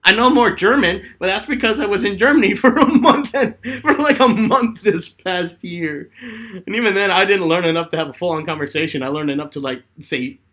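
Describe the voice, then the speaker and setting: A man in his twenties with a high-sitting, brisk voice hosts a live fan question-and-answer chat. He tells stories animatedly and laughs often.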